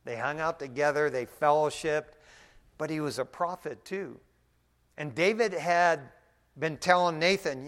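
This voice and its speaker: A male preacher giving a casual, folksy sermon, often dropping in "man" and swinging from quiet to loud. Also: on the high side, measured pace. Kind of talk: conversational sermon.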